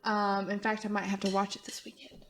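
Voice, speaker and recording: A woman's voice: medium pitch, completely flat delivery, brisk, a bit bright. A woman with a thick Texan accent, co-hosting a podcast in chatty, casual talk full of fillers. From Central Texas. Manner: chatty, laughs often, many fillers. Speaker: podcast co-host. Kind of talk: casual chat.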